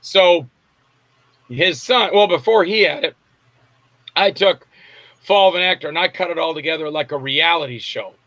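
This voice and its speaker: A man's voice: fairly high pitch, normal speed, long pauses, a bit bright, dry recording, muffled recording. An older man from Florida, a guest actor and filmmaker, telling rambling stories in a casual interview and acting out what others said. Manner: rambling storyteller acting out quotes.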